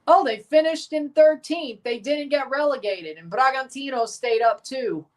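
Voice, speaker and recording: A man's voice: very high voice, moderate pace. A man streaming casual, opinionated commentary as he watches a football match and talks to his viewers.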